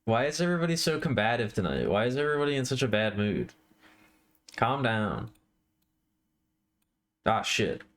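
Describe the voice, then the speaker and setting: A man's voice: mid-range voice, very animated, moderate pace, pauses often, fairly bright tone. A man with a middle-range voice chats loosely with his stream viewers as he works on a drawing. He rambles, trails off and corrects himself mid-sentence. He sounds like a live streamer talking off the cuff. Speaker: livestreamer. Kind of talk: casual live-stream chatter to chat.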